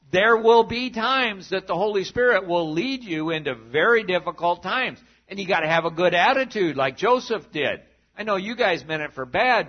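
A man preaching a sermon as a pastor, animated and sometimes dropping to a hushed voice for emphasis. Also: high voice, dull audio.

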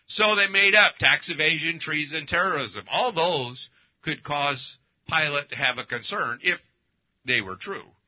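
A man preaching with a lively, swooping delivery and a slightly raised voice. He drives each point home with emphasis and rhetorical questions. The recording sounds dull and lo-fi. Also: fairly high pitch. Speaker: pastor. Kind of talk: sermon.

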